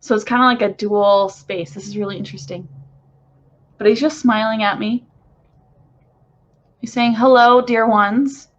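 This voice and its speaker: Recorded in her bedroom with lo-fi sound, a woman channeler talks casually to viewers in a mid-range voice at normal speed, pausing often. The spiritual channeler is excitable and gushing, using lots of fillers.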